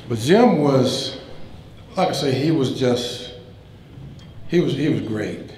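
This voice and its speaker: A man giving a keynote speech at a banquet, telling funny stories in a relaxed way and acting out the lines of the people in them. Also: mid-range voice, moderate pace. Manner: relaxed anecdotal telling, acts out quoted lines. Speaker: keynote speaker. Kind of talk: humorous after-dinner storytelling speech. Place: banquet hall. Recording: roomy hall sound, faint room noise.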